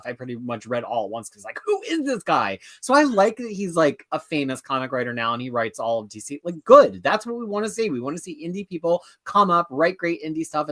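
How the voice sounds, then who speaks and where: A man co-hosting a comics show in casual chat, animated and chatty, with self-mocking asides. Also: fairly high pitch.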